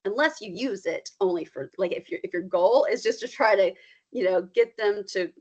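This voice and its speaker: A woman counselor talking casually on a podcast, animated and explaining, often leaping up in pitch to act out what she quotes. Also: moderate pace, slightly rough. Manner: animated, acts out quoted feelings with big pitch jumps. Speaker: counselor guest. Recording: slightly dull lo-fi sound.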